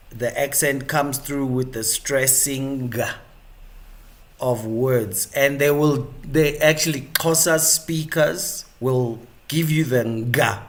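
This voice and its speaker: Slow-talking chatty male stream host. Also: mid-range voice. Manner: chatty and rambling, with many fillers and restarts. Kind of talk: live-stream commentary.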